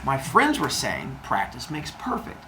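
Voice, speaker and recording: A man's voice: medium pitch, huge pitch swings, a little slow, a crowd in the background. A man voicing a doting, coaxing female earth goddess who adores her babies, in a classroom myth retelling.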